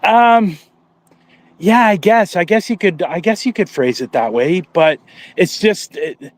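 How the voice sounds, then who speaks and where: A man's voice: high-pitched, expressive, measured pace. A man on a live paranormal stream, talking from a cemetery at night with many ums, restarts and dry sarcasm. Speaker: paranormal investigator. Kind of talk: casual live-stream chat.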